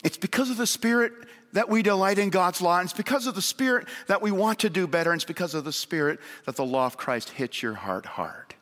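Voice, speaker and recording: A man preaching a sermon in earnest, moving between raised emphasis and hushed appeals. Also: high voice, expressive, fairly quick, few pauses. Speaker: pastor. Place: church sanctuary. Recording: long church hall reverb.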